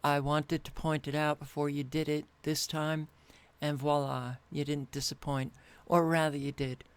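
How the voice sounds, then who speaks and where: A weary woman host talking alone to camera at her home computer, sighing often and speaking with deliberate care. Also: low voice, little pitch movement, clean tone. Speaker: channel host. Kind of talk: casual monologue to camera.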